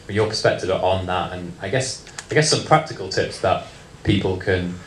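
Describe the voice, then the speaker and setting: A man's voice: low-pitched, moderate pace, slight background noise. A man moderating a panel, asking a hesitant, rambling question. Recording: distant, echoey room, faint ambience.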